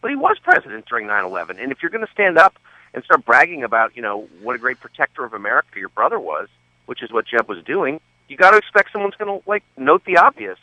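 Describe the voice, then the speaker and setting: A man talks on political radio with a lively, wide-swinging delivery, his pitch leaping as he drives a point home. He is sardonic, with quick asides. His voice comes through a dull, lo-fi line with no room sound. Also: no echo. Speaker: radio show guest. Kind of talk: political talk radio interview.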